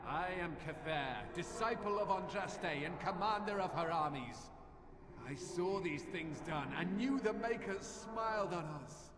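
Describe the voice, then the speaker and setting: A zealous ghost of an army commander in a game, proud and declamatory, a little high for a man. His voice rolls into a long reverb. A clear ambient hum sits beneath. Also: animated, measured pace. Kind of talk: game voice acting.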